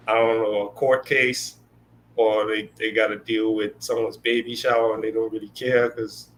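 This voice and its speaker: A man's voice: on the low side, a little hiss or hum. A man co-hosting a casual spiritual discussion, talking loosely with lots of fillers and acted-out quotes. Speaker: co-host.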